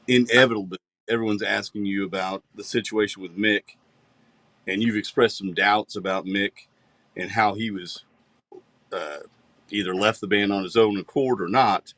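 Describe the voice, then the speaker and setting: A man hosting a podcast, asking relaxed, probing questions in a casual chat. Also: fairly low pitch, normal speed, dry recording. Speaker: podcast host.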